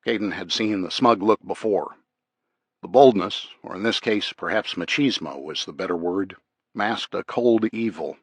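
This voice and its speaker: A man narrating a thriller audiobook in a measured, even way. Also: on the low side, breathy edge, no echo. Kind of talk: scripted narration.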